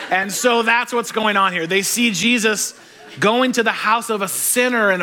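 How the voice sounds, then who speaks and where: A man preaching a sermon, animated and joking, acting out the voices of the people he quotes. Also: sits high, moderate pace. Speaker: pastor.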